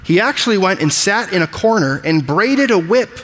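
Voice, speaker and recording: Pastor, male, higher-than-average voice; emphatic preaching style, recorded with lingering room reverb. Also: expressive, normal speed, a bit bright. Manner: emphatic preaching, explains Greek words. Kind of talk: sermon.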